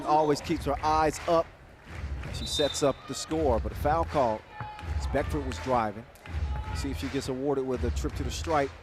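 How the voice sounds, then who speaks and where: A man giving quick, energetic, joking play-by-play commentary at a live basketball event. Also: mid-range voice. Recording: broadcast mix with loud crowd and music.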